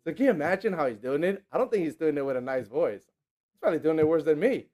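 A man delivers a casual, energetic sermon in a fairly high voice. He acts out the people in the stories with mocking, teasing voices and laughs often along the way. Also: quick pace. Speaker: preacher.

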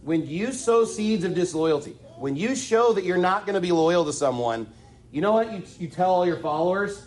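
A man delivers a sermon in a notably high voice. He preaches emphatically, stacking repeated phrases and leaning on rhetorical questions. Sarcastic asides sharpen his points. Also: animated, moderate pace, a little mellow, a little hiss or hum. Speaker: pastor.

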